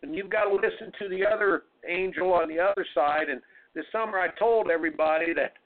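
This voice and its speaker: High-voiced guy hosting a radio show, folksy and pumped up, sounds tinny like a phone. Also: fairly quick. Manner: emphatic, motivational, folksy. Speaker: radio show host and tennis coach. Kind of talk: radio talk show storytelling.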